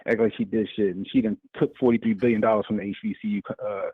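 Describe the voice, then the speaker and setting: A man's voice: on the low side, husky, no room sound. A man calling in to a talk show, ranting heatedly and profanely about a debate. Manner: profane, animated, fast-talking. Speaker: caller. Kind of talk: heated call-in rant. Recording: tinny phone line.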